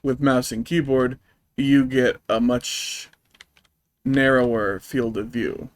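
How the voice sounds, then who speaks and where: A man's voice: medium pitch, fairly even intonation, slow. Rich: A man in a middle register rants profanely while streaming a game. He rambles and circles back on himself, and the sound is dry and close with no room echo. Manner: profane, exasperated ranting; rambling, with many fillers and restarts. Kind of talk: live-streamed gameplay commentary.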